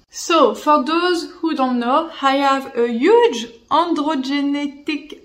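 French-accented woman, slightly high voice. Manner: friendly, searches for words, slips in light jokes. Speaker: podcast host and hair-piece brand owner. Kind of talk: casual explanatory talk to camera.

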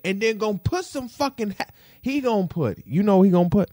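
A man's voice: lively intonation, brisk, mellow, dry recording. Young guy venting at the camera, pissed off, cussing, voice bouncing all over, dry close sound. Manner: indignant, profane, repetitive rant with big pitch swings. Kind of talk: ranting vlog to camera.

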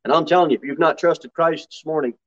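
Pastor preaching a sermon. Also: male voice, steady tone, fast. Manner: preaches with sudden loud high-pitched mock quotes. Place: church sanctuary. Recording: slightly dull lo-fi sermon recording.

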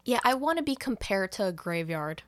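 A woman's voice: medium pitch, very animated, a little fast, fairly bright tone, no room sound. A young adult woman co-hosting a podcast, reacting to a film recap with blunt, sarcastic one-liners. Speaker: podcast co-host. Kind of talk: casual chat with crude jokes.

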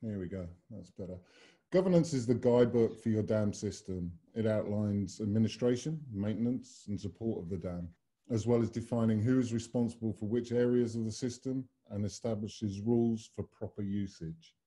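Man hosting a webinar in a very dark voice. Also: lowish voice, moderate pace. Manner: expansive, fond of extended metaphors. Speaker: webinar host and consultant. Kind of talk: presenting a webinar. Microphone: video call.

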